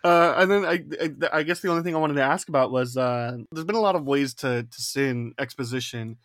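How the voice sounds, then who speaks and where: A man's voice: medium pitch, a little fast, a bit bright, no room sound, clean studio sound. A man hosting a podcast in casual chat, asking hesitant, rambling questions full of fillers. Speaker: podcast host.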